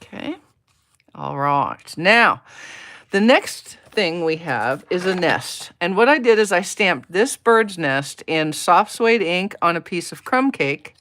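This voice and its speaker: A woman from the United States demonstrates card-making live, narrating to herself and greeting viewers by name as she works. Her voice is fairly low, expressive, slow-paced and a bit bright.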